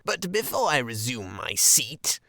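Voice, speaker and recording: A man voicing a pompous male Chief Weasel who speaks in a high, squeaky voice. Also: sing-song, unhurried, gravelly, sharp tone, no echo, clean studio sound, exaggerated voice. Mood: mocking.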